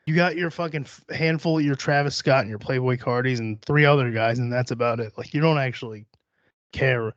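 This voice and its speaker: A man's voice: medium pitch, no echo. A young man hosting a solo podcast, rambling and swearing freely, mocking himself as he talks himself down. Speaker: podcast host. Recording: dry, slightly dull home recording.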